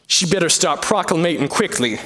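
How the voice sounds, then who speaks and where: A man's voice: on the high side, expressive, fairly quick, noisy background, lightly acted. A man playing a cocky, dim-witted outlaw who talks in rustic slang.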